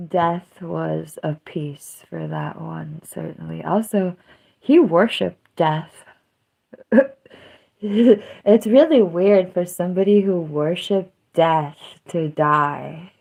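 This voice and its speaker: A woman's voice: fairly low pitch, takes it slowly, gravelly, a little mellow. A woman hosting a livestream, chatting casually and emotionally, rambling and trailing off. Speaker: livestream host.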